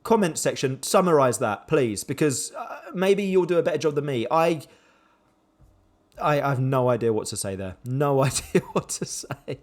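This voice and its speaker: A young man commentating his own football management game with animated swings between excitement and dejection. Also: medium pitch, moderate pace. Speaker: gaming YouTuber.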